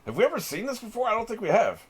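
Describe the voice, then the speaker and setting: Husky male voice, middle-aged, lively up-and-down delivery, loose and profane, laughs a lot. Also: high-pitched, racing. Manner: chatty, swears freely, laughs often. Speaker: reaction channel host. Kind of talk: casual reaction commentary.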